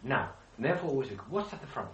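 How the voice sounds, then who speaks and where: A man's voice: mid-range voice, sing-song, fast talker, a bit bright, highs cut off, slight background noise. A man leading a Bible study group, explaining with questions to the group and frequent restarts. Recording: echoey room, speaker far from mic.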